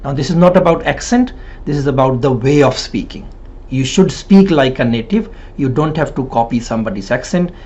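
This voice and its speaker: A man's voice: mid-range voice, lively intonation, a little fast, darkish tone, husky. Direction: Hindi-man coaching, emphatic. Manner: emphatic, repeats points, frequent tag "right?". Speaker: PTE and IELTS trainer. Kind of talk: spoken exam-coaching lesson. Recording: slightly dull lo-fi sound.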